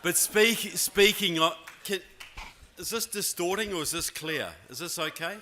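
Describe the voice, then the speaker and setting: A man in his fifties with a New Zealand accent delivers a keynote speech from a podium mic in a large hall. His voice is bright and forceful and sits a little high for a man. He speaks in a folksy way and keeps checking in with the crowd. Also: measured pace, a little hiss or hum. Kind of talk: political convention speech. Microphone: handheld or podium mic.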